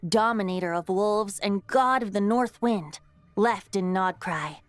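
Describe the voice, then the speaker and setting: A woman voicing a boyish, lighthearted yet wise male bard god in a video game, telling old lore in a measured way. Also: medium pitch, no echo, close to an everyday voice. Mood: solemn. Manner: storytelling, measured. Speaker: game character. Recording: dry studio game dialogue.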